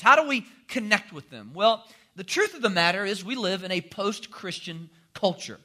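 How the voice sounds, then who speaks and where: Bright-voiced joking pastor. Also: male voice, high voice, moderate pace. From North Carolina. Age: 40s. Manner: folksy joking storyteller, animated. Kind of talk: sermon.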